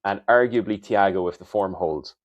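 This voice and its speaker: A man co-hosting a fantasy football podcast in casual chat, giving brisk rundowns with teasing banter. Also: on the low side, no room sound, muffled recording.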